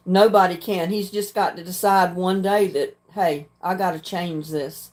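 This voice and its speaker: Older woman, livestream host, plain frank talk, frequent throat-clearing. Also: on the low side, slow pace, darkish tone. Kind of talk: casual chat reading viewer comments.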